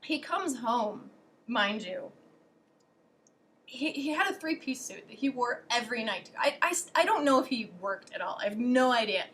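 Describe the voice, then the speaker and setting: A woman's voice: on the high side, a bit bright. A young adult woman vlogger telling stories in a casual way, sarcastic and profane, with lots of fillers. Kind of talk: casual storytelling.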